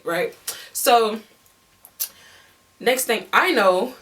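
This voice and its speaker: A woman telling a storytime vlog in an animated, chatty way, laughing often. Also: medium pitch, slow pace, distant mic. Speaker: vlogger.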